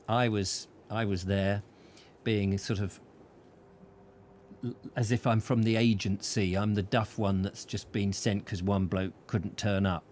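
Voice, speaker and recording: A man hosting a casual chat show and telling a lively anecdote, chuckling often and restarting his sentences. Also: lowish voice, slight background noise. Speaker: host.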